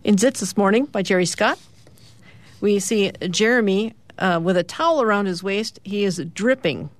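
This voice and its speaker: A middle-aged woman, a radio host, describing the morning's comic strips aloud in a lively storytelling way. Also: medium pitch, moderate pace. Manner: lively storytelling, lifting her voice for characters' lines.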